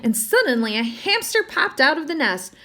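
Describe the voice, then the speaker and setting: Animated woman reading a picture book. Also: high voice, normal speed. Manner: adds chatty asides to the listener. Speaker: storyteller.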